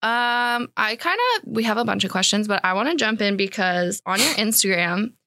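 A woman's voice: medium pitch, sharp tone, no echo. A young woman from Belleville hosting a podcast, bubbly and chatty in casual conversation. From Belleville, Ontario. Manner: bubbly, quick to laugh along. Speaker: podcast host.

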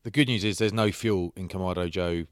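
A chatty man telling stories on a podcast, with a very low, deep voice. The sound is dry and close, with no room echo around it. He talks easily and calls his friend mate. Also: fairly quick. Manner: chatty storyteller, says mate a lot. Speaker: podcast host. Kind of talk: casual podcast chat.

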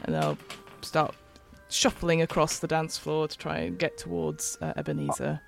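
A woman playing her character in a tabletop role-playing game, animated and giggly as she talks. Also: deep voice, brisk, creaky, hardly any pauses, faint music behind. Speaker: player.

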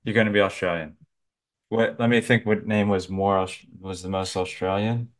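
A man's voice: low-pitched, steady tone, moderate pace. A man co-hosting a podcast in casual comedic banter, laid-back, setting up bits and laughing often. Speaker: podcast co-host.

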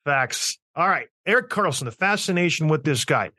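This podcast host rants bluntly and emphatically, hammering his points and ribbing his co-host in a casual, opinionated way. His voice runs a little higher than most men's and comes across animated, a bit fast, pushed, and bright. The recording is dry and close, without room echo.

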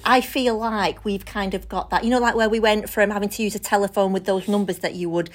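Woman co-host, chatty and animated storyteller. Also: medium pitch, brisk. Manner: animated storyteller, laughs often. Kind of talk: casual podcast chat.

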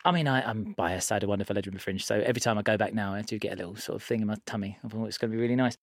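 A woman hosting a comedy podcast, playful and quick to laugh. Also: rumbling low, no room sound, studio quality. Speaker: host. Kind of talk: casual comedy podcast chat.

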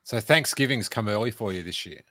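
A man's voice: lowish voice, brisk, bright, forceful tone, no echo. A man co-hosting a casual fan chat, teasing his partner and hesitating with fillers.

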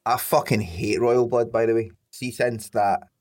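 A man's voice: mid-range voice, unhurried, a little mellow. A Scottish man in his thirties, hosting a casual podcast chat, swearing freely and joking around. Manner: swears freely, jokey banter.

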